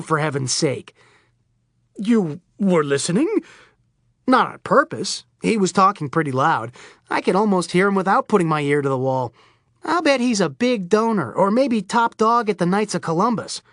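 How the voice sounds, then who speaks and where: A woman's voice: medium pitch, big pitch swings, moderate pace, dry recording, clean studio sound. A woman voicing a manic, wisecracking male Florida oddball who rambles theatrically and irreverently. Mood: manic ranting. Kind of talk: audiobook character voice.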